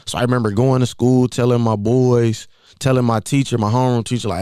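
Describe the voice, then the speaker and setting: A man's voice: mid-range voice, steady tone, a little fast, dark tone, smooth, dry recording, studio quality. A man in his twenties hosting a podcast, telling a personal story in a casual, conversational way and often repeating phrases as he goes. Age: 20s. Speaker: podcast host.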